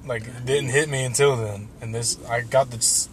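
Over a noisy crowd, a young man tells a long personal story in a loose, casual way. His voice is medium-pitched and steady at a moderate pace. He swears and laughs now and then as the tale unfolds.

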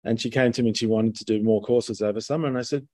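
Low-voiced, mellow man in conversation. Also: fairly even intonation, fast, no echo. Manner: rambling, conversational with frequent "you know". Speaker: podcast guest, educator. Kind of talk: casual conversation.

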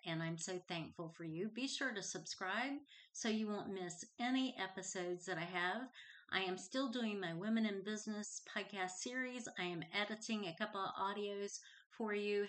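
Speaking in a mid-range, slightly bright voice, a middle-aged woman on her own Christian podcast offers a personal testimony. Her delivery is earnest and heartfelt, and she reads from scripture.

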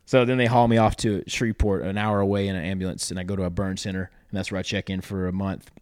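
A man's voice: sits low, fast, clear, resonant tone, dry recording, clean studio sound. A young man, a podcast guest casually telling a story and acting out the quotes. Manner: animated storyteller, acts out quotes loudly.

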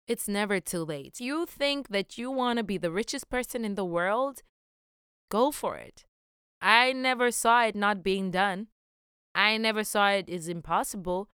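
A woman's voice: mid-range voice, animated, normal speed, a bit bright, clear, resonant tone, no room sound, studio quality. A young woman hosting a motivational solo podcast, upbeat, playful and affectionate as she encourages her listeners. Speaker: podcast host.

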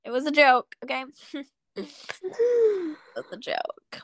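A young woman with a high voice co-hosts a casual podcast chat, giggling through her sentences. The sound is close and dry, with no room around it. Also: takes it slowly, gravelly, a bit bright, dry recording. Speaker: podcast co-host.

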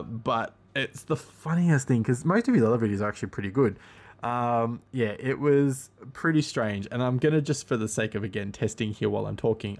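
A man's voice: mid-range voice, darkish tone. A man hosting a casual solo podcast monologue, rambling and easygoing, with frequent ums and self-corrections.

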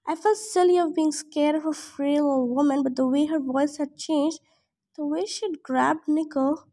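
A woman reading a novel aloud in first person, steady, with the odd slip she corrects. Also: high voice, a little slow. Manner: steady first-person narration with small slips. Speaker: audiobook reader.

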